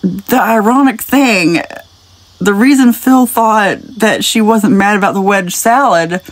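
A woman's voice: mid-range voice, measured pace, no room sound. Chatty woman giving a spiritual reading. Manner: chatty and rambling, with frequent light laughs; speaks directly to the viewer, wandering off into tangents. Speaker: spiritual message reader. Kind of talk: casual spiritual reading to camera.

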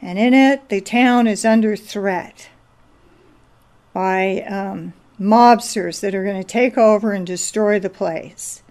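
A woman's voice: mid-range voice, slow pace, darkish tone. A woman giving an informal sermon, telling a story and exhorting listeners. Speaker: preacher. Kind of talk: informal sermon with a film anecdote.

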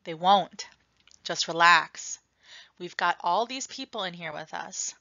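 A woman reading aloud, voicing an older teenage boy gunman who stays calm and gives firm orders. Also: lowish voice, unhurried, vocal fry, no echo, lo-fi sound, exaggerated voice.

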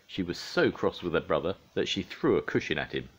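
Old guy reading a kids' story, low voice, pitch swinging all over. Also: fairly quick, slightly rough. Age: older. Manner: lively, animated read-aloud. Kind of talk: reading a children's storybook aloud.

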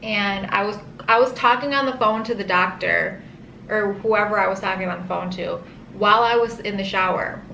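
A woman casually telling her own birth story in an animated, dramatic way, leaning on "like" a lot. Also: medium pitch, normal speed, creaky. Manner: animated, dramatic, says "like" often. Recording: roomy echo with faint ambient hiss.

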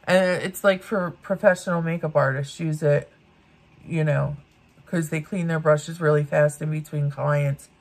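A woman's voice: low voice, fairly even intonation, unhurried, vocal fry. A woman in her fifties doing get-ready-with-me commentary, blunt and ranting, swearing freely. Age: 50s. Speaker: beauty vlogger.

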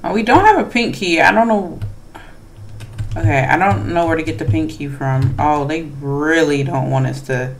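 With a faint hiss or hum in the background, a nervous horror-game player keeps up chatty commentary at a moderate pace in a medium-pitched voice. Whispered asides alternate with excited bursts as they respond to the characters and fellow players.

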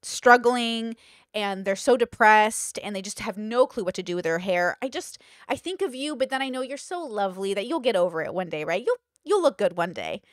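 A woman's voice: medium pitch, expressive, moderate pace, no room sound, clean studio sound, close to an everyday voice. A woman voicing a falsely sweet, catty woman friend who gushes while making put-downs. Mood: sugary catty. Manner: gushing, sugary put-downs.

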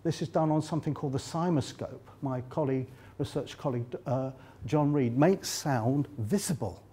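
A man's voice: medium pitch, steady tone, a little fast, warm tone. An older Englishman with an English accent giving a chatty, joking lecture at a conference, with many fillers. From England. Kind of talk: live conference lecture with slides. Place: conference hall.

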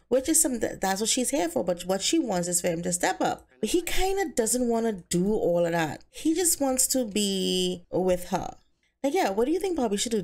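A woman talks through her life-simulation game in a loose, chatty way, her voice sitting at an ordinary middle pitch. She drops filler words as she goes and says the characters' lines in her own voice, casual and unscripted. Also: darkish tone. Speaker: Sims let's play narrator. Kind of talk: casual gameplay narration.

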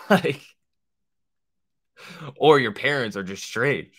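Young guy streaming his trades, bright sharp voice, swears a lot, rambles and jokes with chat. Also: medium pitch, expressive, moderate pace, long pauses. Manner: profane, joking, rambling, slangy. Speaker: stock trading livestream host. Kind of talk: casual livestream chat, answering viewer questions.

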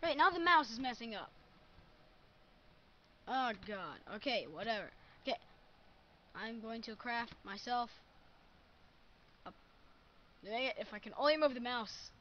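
A woman's voice: fairly high pitch, animated, a little slow, long pauses, bright, forceful tone, muffled recording, slight background noise. A woman recording live gameplay commentary at her computer, muttering frustrated complaints. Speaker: gamer recording a let's play.

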